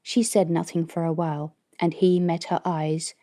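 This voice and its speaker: A woman reading an audiobook as narrator, in steady scripted narration. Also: on the low side, normal speed.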